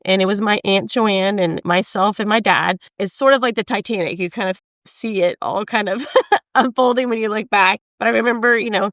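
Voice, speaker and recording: Woman, middle-aged, podcast guest; earnest storytelling, mid pitch, dry recording. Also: moderate pace, dry recording. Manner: earnest, with occasional soft laughs. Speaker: guest, patient safety foundation co-founder. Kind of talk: personal storytelling in a podcast interview.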